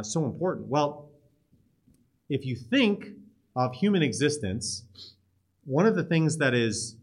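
A man walks through a psalm like a teacher talking to his students, relaxed and conversational. He leans hard on key words for emphasis and trips into quick restarts and asides as he goes. His voice sits at an ordinary pitch for a man. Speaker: Bible teacher. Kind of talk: casual teaching talk on a psalm.

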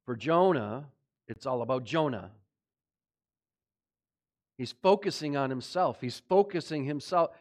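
A man's voice: medium pitch, unhurried, long pauses. A man preaching a sermon in a conversational way, often asking the congregation questions. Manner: dramatizes voices of God and Jonah in quotes. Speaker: pastor.

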